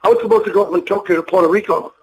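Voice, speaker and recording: An older man sits for a casual interview and tells long, rambling stories, swearing freely and acting out the people in them. His voice sits high for a man. A faint noise runs under the recording. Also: very fast, poor audio. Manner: rambling, profane, emotional storyteller who acts out voices. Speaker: interview guest, retired wrestler.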